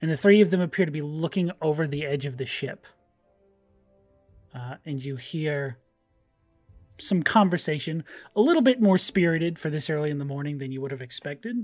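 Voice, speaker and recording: Relaxed man narrating a tabletop game. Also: fairly high pitch, normal speed, no echo, soft background music. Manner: relaxed, hesitant with fillers. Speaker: game master.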